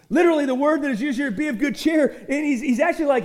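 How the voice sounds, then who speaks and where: A pastor with a strikingly high voice preaches a lively sermon at a fast clip. He frequently stumbles over repeated words, then hammers his points with sudden loud emphasis.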